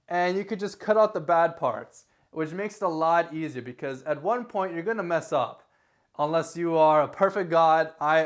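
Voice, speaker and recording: A young YouTuber faces his camera in an indoor room and rambles through tips in a casual advice vlog, correcting himself as he goes. His voice is a little high for a man, and his lively delivery swells and dips in volume as he talks with his hands.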